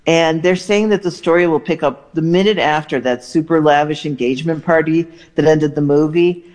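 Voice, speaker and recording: A man giving entertainment news on a radio show in a brisk, chatty, enthusiastic way. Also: a little high, darkish tone. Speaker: entertainment reporter.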